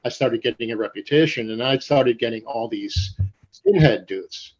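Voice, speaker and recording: A man's voice: medium pitch, normal speed, breathy edge, muffled recording. A man in his sixties, a guest tattoo artist, telling profane stories casually in an interview and acting out the voices in them.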